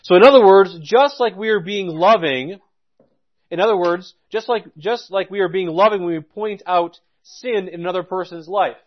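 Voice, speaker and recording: A man delivering a sermon in a somewhat high voice. He reads scripture at a deliberate pace, then shifts into plain, conversational teaching, sometimes restarting his phrases. The recording sounds dull and lo-fi. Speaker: preacher.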